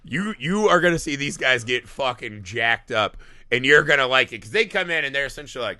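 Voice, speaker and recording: A man's voice: mid-range voice, lively intonation, brisk, bright, forceful tone, clean tone, dry recording, clean studio sound. A man co-hosting a movie podcast, telling the story in casual, profane chat and acting out the characters' lines. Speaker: podcast co-host.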